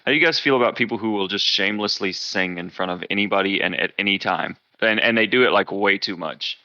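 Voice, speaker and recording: A man with a low, bright voice chats bluntly on a podcast, swearing freely and laughing a lot. The sound is dry and close. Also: fast, no echo, lo-fi sound. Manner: blunt, profane, laughs often. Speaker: podcast co-host. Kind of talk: casual chat.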